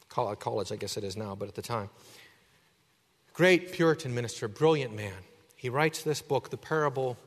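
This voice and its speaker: Male pastor, slightly high voice, dynamic sermon delivery, hall reverb. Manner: dynamic preaching, swinging from hushed to loud.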